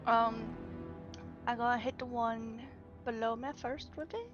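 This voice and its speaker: A woman's voice: a little high, steady tone, a little slow, music in the background. A woman playing in a tabletop game, talking casually and bluntly and swearing freely, over a dull lo-fi voice chat. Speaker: player.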